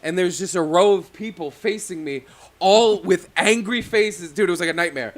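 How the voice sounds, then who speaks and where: A man's voice: sits high, normal speed. A man co-hosting a podcast, telling a story in a rambling, profane, self-mocking way. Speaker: podcast co-host. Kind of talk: casual storytelling. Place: studio.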